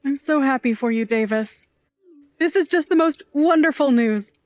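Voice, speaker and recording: Middle-aged bar-working aunt, doting and theatrical, high bright voice, dry read; female actor. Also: moderate pace, no room sound, close to an everyday voice. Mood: gushing. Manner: fussy, dramatic, gushing. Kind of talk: audio drama acting.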